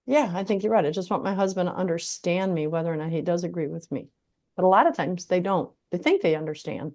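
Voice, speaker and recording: A woman's voice: on the low side, fast talker, a little mellow. A woman hosting a casual interview, chatty and affirming as she responds to her guest. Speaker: podcast host.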